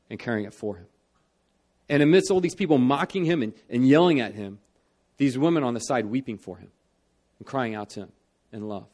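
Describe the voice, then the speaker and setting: A young man preaches a sermon in church, speaking earnestly, raising his voice for emphasis and dropping it low for solemn moments.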